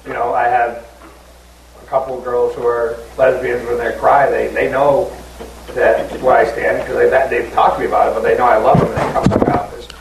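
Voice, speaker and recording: A man in a discussion group sharing a personal story, halting, with many fillers and restarts. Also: mid-range voice, little pitch movement, creaky. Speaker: group member. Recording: roomy and distant with background noise.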